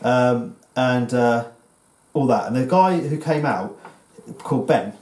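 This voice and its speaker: A man's voice: mid-range voice, expressive, takes it slowly, darkish tone, reverberant. A man in his thirties with an English accent, telling a rambling, sweary story on a casual podcast. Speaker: podcast co-host.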